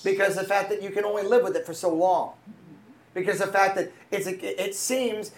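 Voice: medium pitch, normal speed. A preacher delivering a sermon, telling a story with frequent fillers and restarts and calling out to the congregation for responses.

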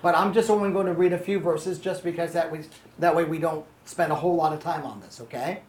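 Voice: medium pitch, fairly even intonation, fast, a little mellow, reverberant, a little hiss or hum. A Bible study teacher reading verses to a small group and explaining them, often stopping to check that the listeners are following.

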